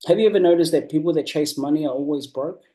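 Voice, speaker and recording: Mellow earnest New coach. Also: male voice, on the high side. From New Zealand. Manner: earnest and emphatic, repeats key phrases, slows down to stress points. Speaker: business coach. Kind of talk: motivational coaching talk.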